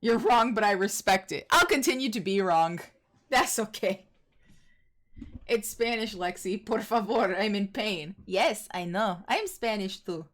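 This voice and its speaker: A young adult woman streamer chatting casually with her audience in a playful, teasing way. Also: mid-range voice. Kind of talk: casual gaming stream chat.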